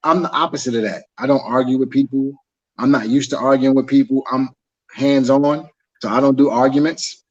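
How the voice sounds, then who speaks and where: A man co-hosting a casual chat, explaining his view in a relaxed, humorous, conversational way. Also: mid-range voice, fairly quick, lo-fi sound. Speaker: podcast co-host.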